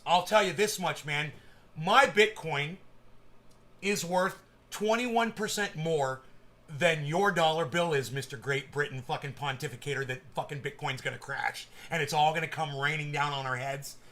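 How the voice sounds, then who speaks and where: Streamer guy ranting, swears a ton, stumbles over words, high voice. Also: moderate pace, fairly bright tone. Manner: profane, stammering repeats. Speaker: livestream host. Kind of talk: casual livestream rant.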